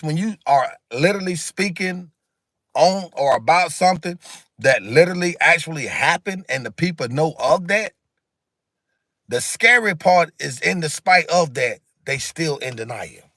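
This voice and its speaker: A man's voice: a little high, animated, measured pace, a bit bright, no room sound, studio quality. Emphatic preachy man on a livestream. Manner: reads and answers viewer comments. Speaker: livestream host. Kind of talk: casual livestream monologue.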